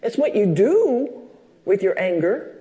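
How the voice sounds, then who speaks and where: A man's voice: high-pitched, very animated, slow, mellow. A man preaching a sermon at a church service, telling personal stories and acting out the voices in them. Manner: storytelling, acts out quoted dialogue.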